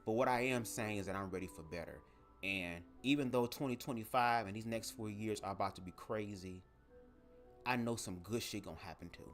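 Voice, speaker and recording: A man hosting a casual livestream, talking straight to his viewers in an animated, profane way from a home setup at his microphone. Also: fairly low pitch, brisk, faint music behind. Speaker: livestream host. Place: home setup, speaking to camera. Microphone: desk microphone.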